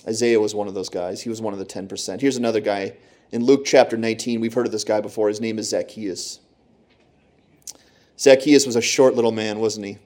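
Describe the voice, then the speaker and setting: A man's voice: on the low side, steady tone, brisk, darkish tone. A man preaching a sermon, retelling Bible stories with dramatic, acted-out voices. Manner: dramatic storytelling, acts out Bible characters.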